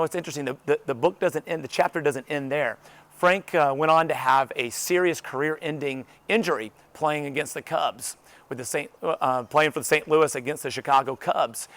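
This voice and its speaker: A man's voice: on the high side, no echo. A man giving an upbeat motivational talk, emphatic and conversational, often saying "you know". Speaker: motivational speaker.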